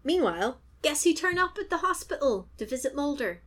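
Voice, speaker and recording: A woman's voice: sits high, sing-song, brisk, fairly bright tone. A woman co-hosting a podcast, casually recapping a TV episode, laughing often and acting out the characters' lines. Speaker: podcast co-host.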